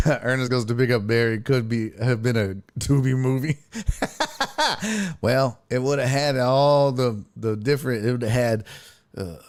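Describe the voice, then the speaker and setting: A man's voice: medium pitch, steady tone, unhurried. A man hosting a live stream, telling a story in a profane, ranting, casual way. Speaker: host.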